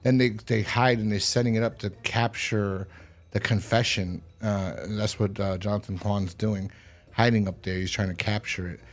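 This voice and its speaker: A man co-hosting a podcast, casually recapping a horror episode with lots of restarts and sudden loud mock voices. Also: fairly low pitch, fairly even intonation, normal speed. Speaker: podcast co-host.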